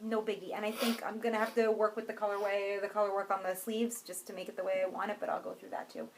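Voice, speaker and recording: A woman co-hosting a crafts podcast in casual chat, self-deprecating and quick to laugh. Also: medium pitch, little pitch movement, slight background noise, low-quality recording. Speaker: podcast co-host.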